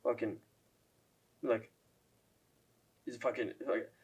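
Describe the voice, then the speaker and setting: A man's voice: mid-range voice, steady tone, takes it slowly, darkish tone, breathy edge. A young man casually ranting on his MMA channel, swearing often and filling with "like" as he ranks fighters. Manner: profane, lots of "like" fillers, mocking impressions. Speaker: MMA commentary YouTuber. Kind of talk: casual ranking rant.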